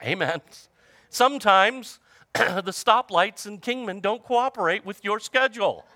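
A man's voice: high voice, expressive, unhurried, sharp tone, no room sound. A man preaching a sermon, chatting with the congregation, joking about everyday trouble and reading scripture aloud. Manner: conversational preaching with humor and audience call-outs. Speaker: pastor.

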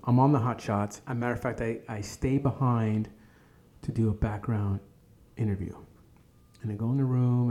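A man's voice: fairly low pitch, dark tone. A man as a podcast guest, telling stories of his life in a laid-back, casual way, swearing freely and laughing at himself. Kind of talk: casual storytelling interview.

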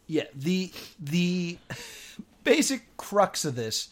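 A sarcastic co-host riffs on a movie in a casual podcast chat. The delivery is slow and unhurried, and the pitch swings widely. The voice sits at an ordinary middle register. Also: sing-song.

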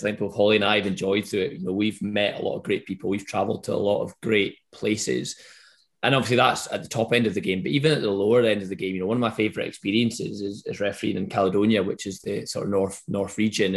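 Scottish male referee, easygoing and rambling, lower register. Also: vocal fry. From Scotland. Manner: relaxed, rambling, frequent restarts. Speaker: rugby referee. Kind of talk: casual interview answers.

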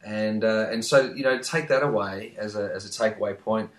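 A man's voice: on the low side, moderate pace, roomy sound. A man, chatting earnestly as a podcast co-host. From Australia. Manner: earnest, emphatic, repeats phrases. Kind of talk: casual podcast chat.

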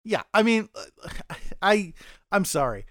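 A man's voice: sits high, sing-song, takes it slowly, no echo, studio quality. A man co-hosting a casual podcast discussion, rambling and often stammering as he restarts his sentences. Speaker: podcast co-host.

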